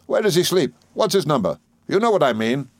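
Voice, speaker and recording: A man reading an audiobook, voicing a jaunty, self-assured young gentleman. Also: mid-range voice, lively intonation, fairly quick, no room sound, natural voice. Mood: breezy. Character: breezy, confident young gentleman. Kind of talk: audiobook character voice.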